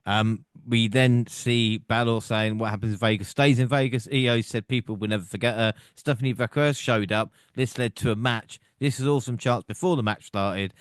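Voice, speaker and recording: A man hosting a podcast, recapping events in plain, steady run-downs and passing the talk to his co-hosts. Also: medium pitch, normal speed, hardly any pauses, clear, resonant tone, no echo, studio quality. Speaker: podcast host. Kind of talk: casual recap and discussion.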